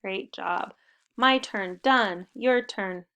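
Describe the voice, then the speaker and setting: Slow, gravelly-voiced woman teacher. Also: medium pitch, a bit bright. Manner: upbeat, encouraging, clearly paced instructions. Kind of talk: spelling lesson for young children. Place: home recording.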